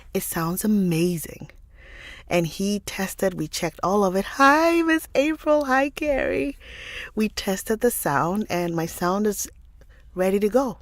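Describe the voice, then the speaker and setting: Speaking on the low side with a touch of mellowness, this woman is recorded with no room sound on a studio side-address mic. She is a non-American English speaker who hosts livestreams and narrates audiobooks, here chatting loosely and greeting her viewers by name.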